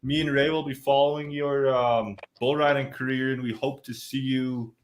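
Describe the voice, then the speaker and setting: A man co-hosting a casual podcast, talking in a relaxed, unhurried way with some hesitation. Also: medium pitch, rough recording. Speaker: podcast co-host. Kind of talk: casual chat.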